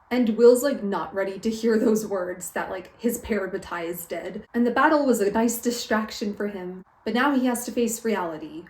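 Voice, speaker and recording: A woman's voice: medium pitch, moderate pace, few pauses, reverberant, low-quality recording. A young woman vlogger recapping a book in a casual, dramatic way, with exaggerated outbursts.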